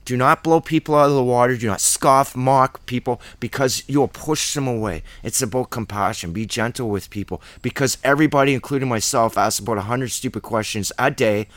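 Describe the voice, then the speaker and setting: A man's voice: mid-range voice, a bit bright, no echo. A man teaching scripture in a conversational Bible study, reading verses aloud and explaining them plainly.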